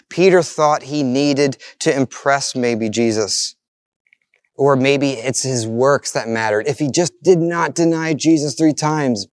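A man's voice: mid-range voice, no echo, studio quality. A man preaching a sermon as pastor, with an earnest, repetitive preaching cadence.

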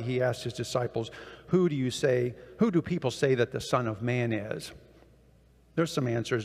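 Gravelly man preaching in an echoing hall. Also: mid-range voice. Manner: conversational, often checks in with the audience. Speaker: guest preacher. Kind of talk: Bible-study sermon. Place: church or meeting hall with projected slides.

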